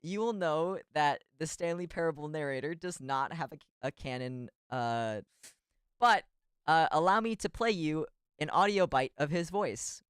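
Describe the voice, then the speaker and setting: Smooth-voiced rambling streamer guy. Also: on the high side, measured pace, a bit bright, no room sound, clean studio sound. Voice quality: rambling, giggly, self-deprecating. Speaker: VTuber streamer. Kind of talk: casual stream chat.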